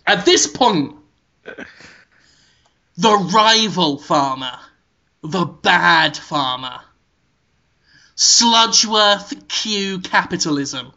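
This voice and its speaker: Man, comedy host, high voice, rambling deadpan storyteller, lo-fi muffled audio. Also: very slow, long pauses. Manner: rambling, deadpan absurd pitch with frequent "like" and "um". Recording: muffled lo-fi recording.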